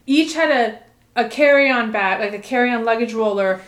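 Woman, casual storyteller, animated, roomy echo. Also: on the high side, moderate pace. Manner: animated storytelling, swears, quotes people. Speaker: storyteller in a chat. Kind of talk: casual chat.

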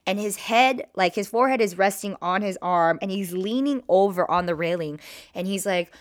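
A young woman telling a personal story to her viewers in a casual, animated way, with lots of "like" and "you know". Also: medium pitch, normal speed. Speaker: vlogger.

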